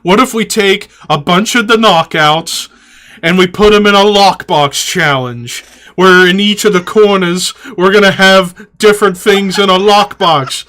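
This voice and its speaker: A brash, pushy wrestling booker talks in a high, slow, bright voice and calls everyone bro, as a man mocks him in a podcast impression. He sounds like a salesman pitching a bad idea.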